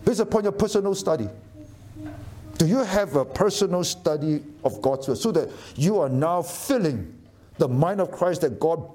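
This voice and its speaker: Emphatic preacher, dark voice. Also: male voice, fairly high pitch. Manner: emphatic, asks the audience questions. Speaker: pastor. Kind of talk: sermon.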